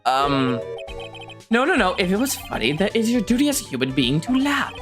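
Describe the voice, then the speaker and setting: A woman's voice: medium pitch, big pitch swings, normal speed, over music, close to an everyday voice. A woman voicing a boisterous male circus clown who cracks jokes. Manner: boisterous, punning, showy. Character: loud goofy male circus clown, joking.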